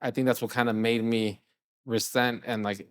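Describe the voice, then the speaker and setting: A man's voice: mid-range voice, moderate pace, dry recording, studio quality. A middle-aged man from California, a chef and guest on an interview show, telling stories casually and acting out dialogue. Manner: animated storyteller, often acts out quoted dialogue. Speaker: chef and restaurant owner, guest.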